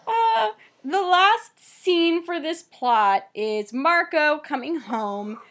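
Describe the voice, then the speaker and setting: A woman's voice: high voice, lively intonation, takes it slowly, fairly bright tone. A young woman casually chatting as a podcast co-host, reflective and talkative, filling her sentences with "like". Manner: chatty and reflective, heavy use of "like". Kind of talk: casual chat.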